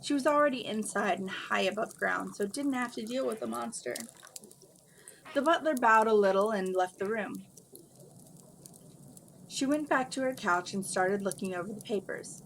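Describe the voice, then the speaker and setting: A woman reads her fan story aloud at home, relaxed and unpolished, stopping to fix slips and add side comments. Her voice sits mid-pitch, and faint hiss runs underneath. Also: normal speed, gravelly, pauses often, rough recording. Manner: casual, self-correcting, aside comments. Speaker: fanfiction reader. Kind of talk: reading own story aloud.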